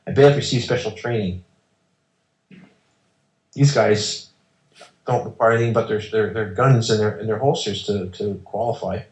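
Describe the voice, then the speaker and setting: A man's voice: on the low side, moderate pace, pauses often, darkish tone. A man as an interview guest, telling a personal story in an emphatic, insistent way and acting out the exchanges. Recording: roomy echo.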